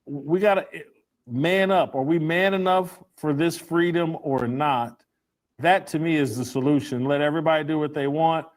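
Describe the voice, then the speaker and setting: A man's voice: on the high side, moderate pace. A man giving opinionated commentary and firing off rhetorical questions.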